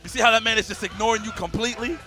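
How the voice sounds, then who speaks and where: A man commentating on a tournament stream, bantering and trash-talking loudly. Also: high-pitched, steady tone, racing. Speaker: esports commentator. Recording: music behind commentary. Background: music.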